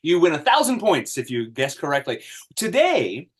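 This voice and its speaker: A man's voice: a little high, normal speed. A man hosting a casual podcast from a studio, talking close to the mic with lots of stammers and restarts. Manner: stammering, animated. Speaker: podcast host. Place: studio in New York.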